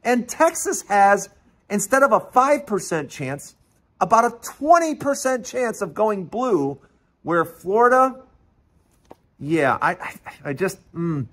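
A man hosting his own show, talking alone in an excited, teasing way, often stammering and repeating himself. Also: sits high, slow pace. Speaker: host. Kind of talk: excited solo political commentary.

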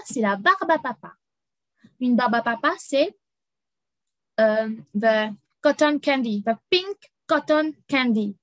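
A young woman leads a children's language lesson, speaking slowly and repeating each word. Her voice sits a little high, and she laughs easily. The sound is close and dry, with no room around it. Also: a bit bright, dry recording, rough recording. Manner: slow, repeats words, laughs often. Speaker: French teacher for kids.

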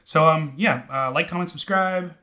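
A man co-hosting a casual whisky tasting chat, playful and quick to laugh, talking to beginners. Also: a little high, bright, forceful tone. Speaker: whisky reviewer.

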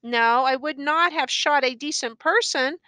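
Frightened young accused man on the stand, read by a woman; high, bright, short halting answers. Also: no echo.

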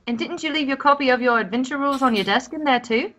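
A woman voicing a caring, fussing mother while reading game dialogue, gentle in tone. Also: sits high, quick pace.

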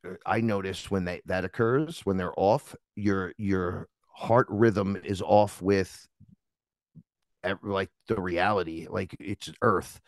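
A man with a low voice, recorded close and dry with no room sound. He chats casually as a podcast guest. His stories are lively and full of swearing, and he slips into the voices of the people in them. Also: slow, dry recording. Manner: animated storytelling, swears freely, acts out voices in his anecdotes. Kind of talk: casual chat.

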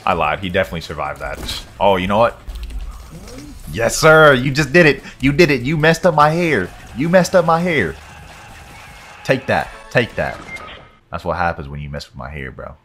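Excitable low-voiced male gamer. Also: normal speed, soft background music. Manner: excitable, slangy, hypes himself up. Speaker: gaming YouTuber. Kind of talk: let's-play commentary.

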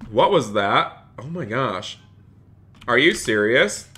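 An upbeat man runs a live game stream, chatting with his viewers as he plays and reading their messages aloud. His voice is bright and forward, sitting in a middle register, with keyboard typing behind him. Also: medium pitch, animated, moderate pace, a little hiss or hum. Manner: upbeat, reads chat aloud and answers viewers. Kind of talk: live-stream commentary while playing.

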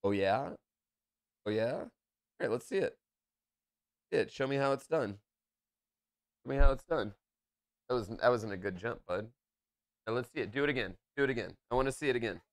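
A man streaming a game from a room at home, chatting in a playful way that swings between low muttering and loud calls. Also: expressive, fairly quick, pauses often, dry recording, clean studio sound. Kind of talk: live gameplay commentary.

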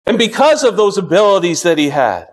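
A man in his fifties preaching a sermon as pastor, earnest, slowing down to read scripture and often restarting his sentences. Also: sits high, big pitch swings.

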